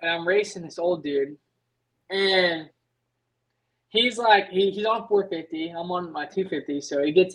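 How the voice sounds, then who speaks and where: A young adult man, a motocross racer, telling stories as a podcast guest in an animated way, leaning on filler words. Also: fairly high pitch, poor audio. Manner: animated, leans on filler words, acts out his own past thoughts. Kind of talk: casual podcast storytelling.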